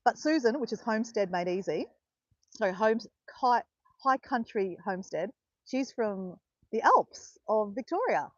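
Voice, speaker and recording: An Australian woman with a slightly high voice speaks a little slowly in a muffled recording with no room sound. Hosting a live stream, she chats casually, greets viewers by name, and breaks into bursts of excited cheering.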